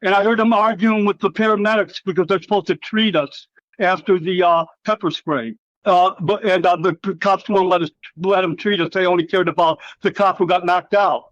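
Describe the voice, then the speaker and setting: A man's voice: sits high, fairly even intonation, normal speed, fairly bright tone, dry recording. A middle-aged man, a former wrestler, telling rambling, profanity-laced stories in a casual interview and acting out what others said. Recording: slightly dull, dry recording.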